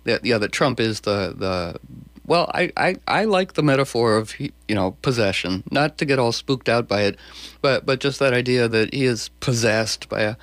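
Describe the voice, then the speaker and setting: A male host talking in an excitable, stumbling way, full of restarts. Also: mid-range voice, no echo. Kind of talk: conversational interview.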